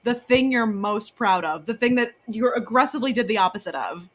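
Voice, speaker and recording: A woman co-hosting a casual podcast chat, animated and blunt, often swearing and acting out what others said. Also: on the high side, brisk. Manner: animated, swears freely, acts out quotes. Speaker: podcast co-host.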